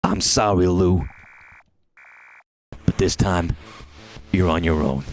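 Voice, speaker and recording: A man's voice: sits low, slow pace, faint music behind, voice pushed down. A man putting on a blunt, fed-up older brother brushing off his sibling. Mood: cold.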